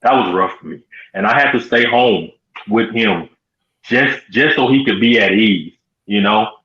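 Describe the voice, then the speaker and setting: A male co-host telling a personal story in a halting way, repeating words as he goes. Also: bright, forceful tone. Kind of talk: casual chat, personal story. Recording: echoey, dull low-fi audio.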